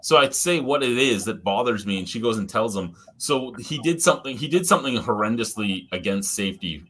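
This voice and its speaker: A man telling work stories in a casual podcast chat, animated, swearing and laughing often. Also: lowish voice, fairly quick, husky.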